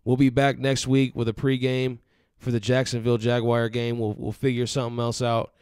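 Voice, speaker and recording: A man hosting a postgame fan chat, steady and upbeat as he plugs the show. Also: mid-range voice, normal speed, clean tone, no room sound, clean studio sound. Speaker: host.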